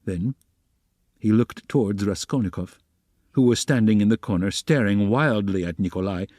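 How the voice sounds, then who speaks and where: A man narrating a classic novel as an audiobook reader, steady and even. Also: lowish voice, normal speed, no echo, clean studio sound. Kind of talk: scripted narration.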